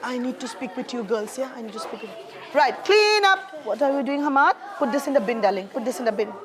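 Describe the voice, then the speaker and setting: A woman teaching a primary school science lesson in a classroom. Her voice sits high and she keeps the children on task, praising them warmly and calling them darling. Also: expressive, quick pace, crowd noise. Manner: encouraging, calls pupils darling.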